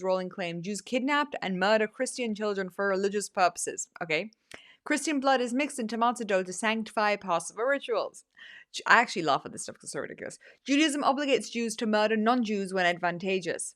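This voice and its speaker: Woman, host, casual political commentary, sarcastic, medium-pitched voice. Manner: sarcastic, mocking asides.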